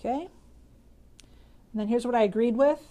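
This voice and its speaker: This woman's voice sits on the high side, mellow and at an ordinary pace. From Michigan, she runs a laid-back live stream, chatting cheerfully, reading out what viewers write, and answering their health questions through plenty of laughter.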